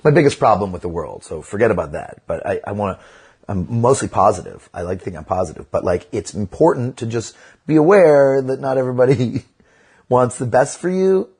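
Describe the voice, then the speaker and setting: A man's voice: mid-range voice, expressive, a little fast, a little mellow, slightly rough. A middle-aged man, a comedian guest on a casual podcast interview, talking bluntly and with profanity, and telling stories animatedly.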